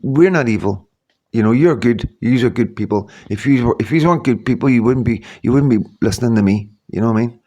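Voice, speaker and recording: A man's voice: mid-range voice, quick pace, warm tone. A man in his fifties giving a rambling, earnest motivational talk to his viewers, full of repeats and "you know what I mean". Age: 50s. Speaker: YouTuber.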